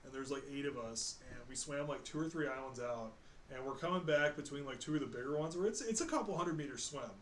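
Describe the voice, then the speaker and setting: A man's voice: medium pitch, fast talker. A man co-hosting a podcast, telling swear-filled stories in casual chat. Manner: profane, energetic storyteller. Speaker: podcast co-host. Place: shared studio. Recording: roomy studio with faint noise.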